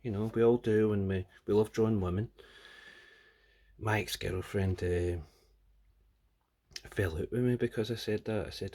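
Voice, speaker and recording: A man's voice: on the low side, moderate pace, pauses often, dark tone. A man casually reviewing a comic book, rambling and crude with plenty of jokes.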